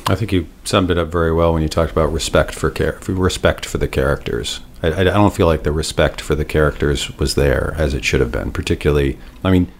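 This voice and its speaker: A man's voice: a bass voice, quick pace, few pauses, a little hiss or hum. A man co-hosting a casual discussion, thoughtful and a little hesitant, often repeating words as he thinks. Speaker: podcast co-host.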